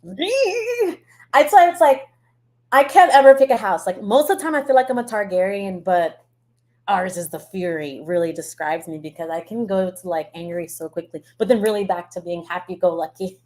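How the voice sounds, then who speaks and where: American woman, mid-pitched voice, casual profane reaction rant, blunt and quick to laugh. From United States. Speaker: reaction streamer. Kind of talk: casual ranting reaction chat.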